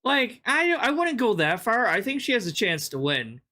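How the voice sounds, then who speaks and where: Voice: mid-range voice, sing-song, moderate pace, pushed and bright. A reaction-channel host giving casual, exasperated, sarcastic commentary with heavy swearing.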